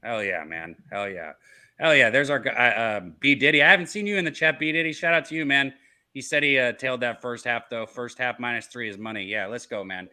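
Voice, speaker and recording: Bright-voiced man hosting a betting stream. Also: medium pitch, brisk. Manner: excited, swears, shouts out chat viewers. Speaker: sports betting stream host. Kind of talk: casual live-stream chat.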